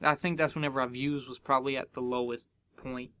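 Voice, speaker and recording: A young man hosting a podcast, telling a casual story and acting out the dialogue with big jumps in his voice. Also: brisk. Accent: American. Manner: animated, acts out dialogue with big pitch jumps. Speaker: podcast host.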